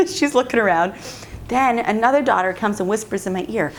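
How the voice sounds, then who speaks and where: A woman's voice: mid-range voice, brisk, slight background noise. A middle-aged mother telling a family story casually and animatedly, laughing often. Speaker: parenting vlogger, mother.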